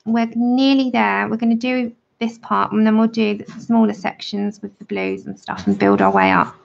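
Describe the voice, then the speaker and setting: A woman's voice: fairly high pitch, level tone, normal speed, gravelly. A woman giving a chatty, friendly drawing tutorial on a livestream. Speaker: art tutor. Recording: dull lo-fi livestream audio.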